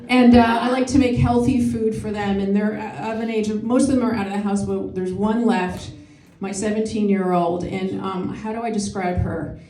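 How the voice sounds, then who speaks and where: Woman comic, forties, warm and chatty, laughs at her own jokes; distant, roomy capture. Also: medium pitch, steady tone, normal speed, hardly any pauses. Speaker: stand-up comedian and emcee. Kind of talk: stand-up comedy set. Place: comedy show venue with live audience. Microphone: no microphone, picked up from afar. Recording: echoey room picked up from a distance.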